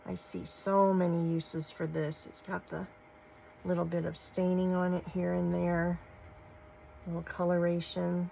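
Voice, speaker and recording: Woman crafting host, low and flat, gravelly, leisurely and gushing. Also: slight background noise, low-quality recording. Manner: gushing, soft-spoken, folksy. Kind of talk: casual show-and-tell vlog.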